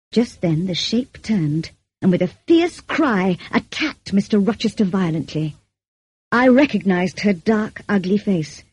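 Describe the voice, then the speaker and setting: A woman narrating an audiobook in a measured, even way. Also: mid-range voice, breathy edge, no echo. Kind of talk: audiobook reading.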